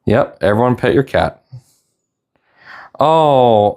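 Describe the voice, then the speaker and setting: Young male streamer, low voice with lots of pitch movement, rambling and heartfelt. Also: expressive, unhurried. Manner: rambling, tender, stops to apologize while tearing up. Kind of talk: casual live-stream chat.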